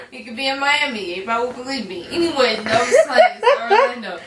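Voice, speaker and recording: Her fairly high voice is very animated and fairly quick, with hardly any pauses, as this young woman rambles through a casual movie review, giggling and restarting often amid fillers. A loud crowd is audible, and the echoey recording catches her from a distance with faint background noise.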